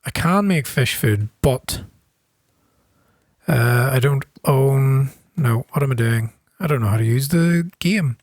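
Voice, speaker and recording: A middle-aged Northern Irish man with a softened accent, chatting casually and thinking aloud with plenty of ums as he commentates his own farming game. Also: mid-range voice, slow pace, no room sound. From Northern Ireland. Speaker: gaming channel host.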